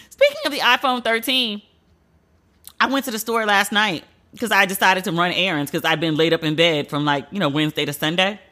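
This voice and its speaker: A woman's voice: mid-range voice, normal speed, pushed and bright. A young woman hosting a podcast, ranting in a blunt, profane, casual way with mock disbelief. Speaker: podcast host. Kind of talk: casual comedic rant.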